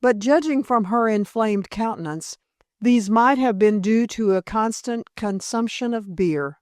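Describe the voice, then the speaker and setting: A woman's voice: on the high side, measured pace, darkish tone, no room sound. Woman narrating a classic novel, dry sound. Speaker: audiobook narrator. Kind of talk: scripted narration.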